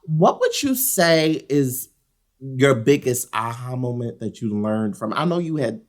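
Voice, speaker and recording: A woman hosting a casual talk show, affirming her guest and telling stories with lively, expressive delivery. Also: a bass voice, a little slow. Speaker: podcast host. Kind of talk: casual conversational interview.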